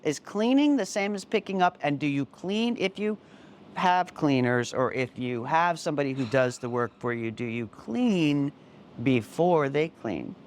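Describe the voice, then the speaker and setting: A woman's voice: deep voice, lively intonation, a little slow, a little mellow, slight background noise. A woman co-hosting a podcast in a home basement, teasing and bantering playfully in casual chat. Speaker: podcast co-host.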